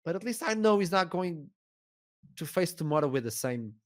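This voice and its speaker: Animated Portuguese-accented man telling a story. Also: a little high, moderate pace. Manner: animated, acts out dialogue, laughs often. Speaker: esports shoutcaster, podcast guest. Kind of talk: storytelling in a podcast interview.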